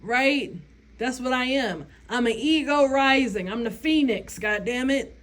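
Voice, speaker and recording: A woman's voice: high voice, unhurried. A woman vlogger, giving blunt, profane opinions in a casual rant and laughing often.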